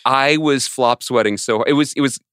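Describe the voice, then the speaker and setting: A man co-hosting a podcast in casual chat, telling stories in an excitable, self-mocking way. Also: medium pitch, brisk, smooth, no echo, clean studio sound. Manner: animated, excitable storyteller with self-mocking asides. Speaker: podcast co-host.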